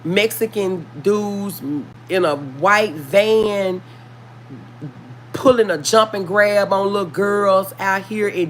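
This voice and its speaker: A woman from Memphis, Tennessee, hosts a livestream, chatting casually with viewers in a Memphis Southern accent and often calling them y'all. Her voice is mid-range with a fairly bright tone and a little hiss or hum, and her manner is earnest and warning.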